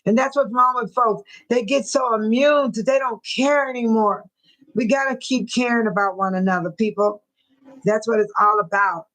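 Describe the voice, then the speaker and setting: An older woman hosting a casual livestream from home, talking straight to her viewers in chat, emotional and quick to bless and pray. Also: fairly high pitch, fairly even intonation, a bit bright, poor audio. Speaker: livestream host.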